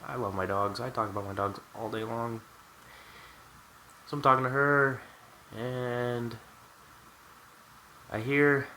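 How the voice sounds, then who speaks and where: A man's voice: lowish voice, fairly even intonation, normal speed, long pauses, sharp tone, slight background noise, poor audio. A man telling a candid, wry personal story to the camera in a storytime vlog. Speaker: vlogger.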